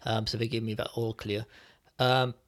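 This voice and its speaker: A man as a podcast guest, speaking reflectively and hesitantly with many pauses as he tells his personal story. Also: lowish voice, flat delivery. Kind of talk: personal testimony in conversation.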